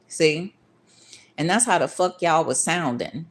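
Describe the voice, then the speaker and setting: A woman's voice: low-pitched, animated, unhurried. Profane ranting woman with AAVE. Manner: profane, confrontational, streetwise; acts out others' voices in quoted asides. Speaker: vlogger. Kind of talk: ranting monologue.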